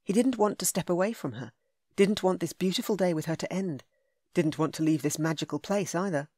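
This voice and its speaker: Low-voiced woman reading a romance. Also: fairly quick, a little mellow, no echo, clean studio sound. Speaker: audiobook narrator. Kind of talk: scripted narration.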